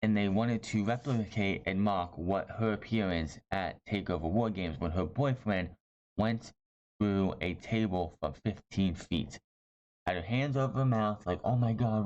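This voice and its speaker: This wrestling show recap comes from a man whose voice sits low and sounds a little mellow. Casual and opinionated, he rambles bluntly and often fixes what he's saying mid-sentence. The audio is lo-fi, slightly dull, with a faint hiss.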